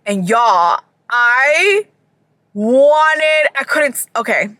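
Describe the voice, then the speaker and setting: A young woman from Georgia, chatting casually in a storytime vlog, animated and swearing freely. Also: a little high, drawn-out words, no room sound. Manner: animated, swearing, acts out people in bursts. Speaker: vlogger.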